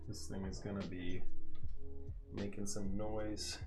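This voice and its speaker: A man's voice: sits low, level tone, normal speed. A man chatting casually with his viewers on a live stream while he builds a keyboard at home, upbeat and slangy. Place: home room. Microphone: headset. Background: faint music from a movie playing elsewhere.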